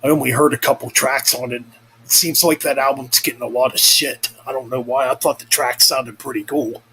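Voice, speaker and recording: Through poor audio with a little hiss or hum, a young male vlogger chats casually and a little fast. His medium-pitched voice is sharp with fairly even intonation as he rambles, curses freely and corrects himself.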